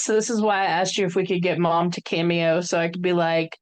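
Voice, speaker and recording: A woman's voice: fairly low pitch, steady tone, fairly quick, hardly any pauses. A woman in her thirties, a podcast co-host, chatting casually and rambling with many fillers and restarts. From United States. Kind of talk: casual chat.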